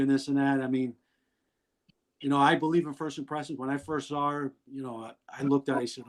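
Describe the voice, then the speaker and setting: A middle-aged man, a guest on a video-call interview, speaks in a mid-range voice with a level tone and quick pace over poor audio. He candidly tells rambling, blunt stories and laughs through them.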